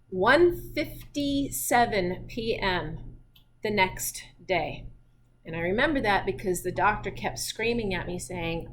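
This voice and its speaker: Laughing frequently, a middle-aged woman teaches physiology conversationally and shares stories from her own life. She has a medium-pitched, fairly bright voice, with a little hiss or hum on the recording.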